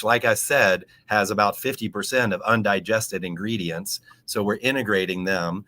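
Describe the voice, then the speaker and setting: A man talking as a guest in an interview, explaining things in a teacherly way and spelling out terms slowly. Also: lowish voice, sharp tone. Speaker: aquaponics educator and podcast guest.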